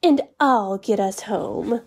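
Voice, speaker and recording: A woman's voice: mid-range voice, lively intonation, takes it slowly, vocal fry, darkish tone, husky, exaggerated voice. A woman voicing a spoiled, mean young princess who talks rudely and demands her way, read aloud in a storybook. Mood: bratty. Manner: rude and demanding.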